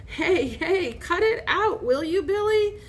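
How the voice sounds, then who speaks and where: Lady playing a jittery kid faking bravery, hearty but shaky, pitch bouncing up. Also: big pitch swings, slow pace, full character voice. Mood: nervous. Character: nervous young boy trying to sound brave.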